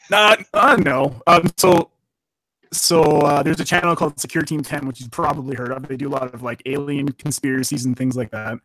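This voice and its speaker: A man's voice: on the high side, moderate pace, pushed and bright, no echo, poor audio. Rambling, profane man on a dry mic. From Canada. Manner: rambling, profane, laughs at own jokes. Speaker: podcast guest. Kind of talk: casual podcast chat.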